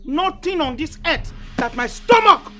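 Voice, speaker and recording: A woman's voice: very high-pitched, animated, measured pace, sharp tone, soft background music, heavily acted. An actress with a Nigerian accent playing a scornful woman who mocks and taunts her rival. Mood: taunting. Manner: mocking, taunting.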